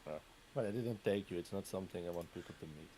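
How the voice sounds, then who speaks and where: A man's voice: low-pitched, fast, mellow, a little hiss or hum, rough recording. Dutch man telling rambling stories. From Netherlands. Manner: rambling anecdotes with frequent fillers and laughs. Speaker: Minecraft streamer's guest or co-player. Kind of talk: casual chat while gaming.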